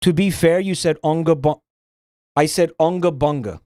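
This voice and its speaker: A man's voice: fairly high pitch, normal speed, dark tone, no echo, studio quality. A man streaming, ranting bluntly and swearing a lot in casual livestream commentary.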